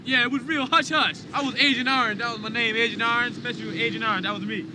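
An actor playing a street con man who fakes being a blind, legless veteran, boasting fast and rambling, in a film clip with street noise. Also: extremely high pitch, fairly even intonation. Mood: scheming.

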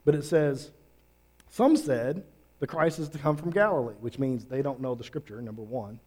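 A man preaching a sermon, earnest and emphatic, with drawn-out pauses. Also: mid-range voice, a little mellow. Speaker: pastor.

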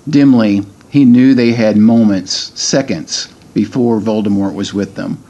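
A man's voice: fairly low pitch, fairly even intonation, measured pace, warm tone, muffled recording. A middle-aged man, a podcast guest, chatting casually and reading a book aloud, hesitant with many ums and restarts.

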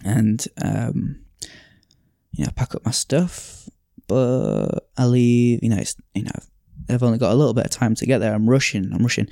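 A man's voice: medium pitch, very animated, normal speed, vocal fry, dark tone, no room sound, studio quality. A man hosting a podcast, telling a story in a reflective, casual way with frequent sighs and fillers. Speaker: podcast host. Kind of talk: casual storytelling and reading aloud.

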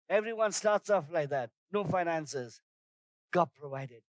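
Male pastor, high-pitched, sermon with lively personal anecdotes, dry recording. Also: a little slow, no room sound. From outside Singapore, first trip abroad. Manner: storytelling, animated shouts in anecdotes.

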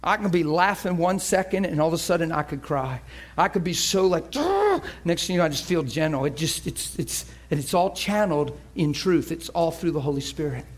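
A man's voice: a little high, a little fast, hardly any pauses. A male preacher delivering an emotional sermon, moving between playful banter, laughter and earnest prayer.

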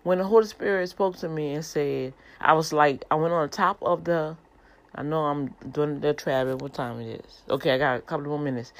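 Middle-aged woman, deep voice, informal animated preacher. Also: normal speed. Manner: conversational, animated, addresses listeners as y'all.

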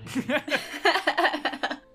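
A man running a tabletop game podcast as game master, chatty and quick to laugh. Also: very high voice, faint music behind. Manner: animated, laughs often.

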